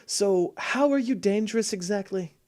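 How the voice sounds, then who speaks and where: Man playing a knife-wielding adventurer, cool, mocking, intimidating, slightly higher voice, tabletop game character. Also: moderate pace, a little mellow, lightly acted. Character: menacing adult male knife-wielding adventurer.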